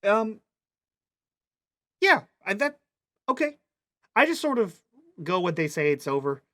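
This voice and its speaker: A man's voice: sits high, very animated, measured pace, a bit bright, pitched above the performer's own voice, full character voice. A man voicing an eager, bossy young princess girl who talks very officially in a tabletop game. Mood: playful.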